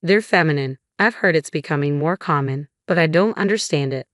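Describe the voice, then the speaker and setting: A man's voice: a little high, a little fast, a bit bright, no room sound, studio quality, natural voice. A woman reading the part of an arrogant, sexist middle-aged husband who talks down to others. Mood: smug. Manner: dismissive, condescending.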